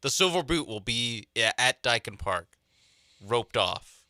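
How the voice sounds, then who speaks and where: A man's voice: mid-range voice, unhurried, no echo, clean studio sound. A man co-hosting a sports talk radio show, musing and correcting himself as he talks. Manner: relaxed, musing, self-correcting.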